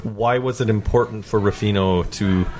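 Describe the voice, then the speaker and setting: A man's voice: lowish voice, fairly even intonation, normal speed, a little mellow. A Canadian man co-hosting a wine podcast, asking chatty questions with frequent stammers. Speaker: podcast co-host. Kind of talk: casual podcast chat.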